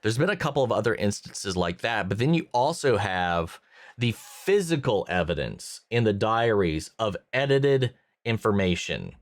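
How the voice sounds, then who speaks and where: A man's voice: lowish voice, big pitch swings, moderate pace, no room sound, clean studio sound. A man hosting a reaction channel, thinking aloud about a series episode in a casual review with many fillers and restarts.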